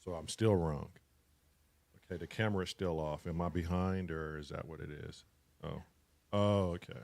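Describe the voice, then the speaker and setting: A man with a fairly low voice hosts a casual live stream. He jokes around loosely and swears without a second thought. He talks straight into his home streaming mic. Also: fairly even intonation, normal speed, gravelly, darkish tone. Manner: loose, jokey, swears freely.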